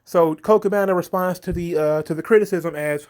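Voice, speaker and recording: A man's voice: high voice, fairly quick, few pauses, a little mellow. A man hosting an opinion commentary, talking with sarcasm and scorn, slipping into a mocking sing-song when he quotes others. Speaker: commentary host.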